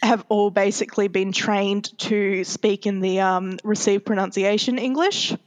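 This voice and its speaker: A woman hosting a podcast in casual chat, talking thoughtfully with frequent pauses and fillers. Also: medium pitch, fairly even intonation. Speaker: podcast host.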